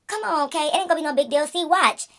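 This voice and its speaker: A woman's voice: high-pitched, fast talker, a bit bright, voice pushed up. A woman voicing a pushy young female friend who keeps coaxing in a wheedling, insistent way.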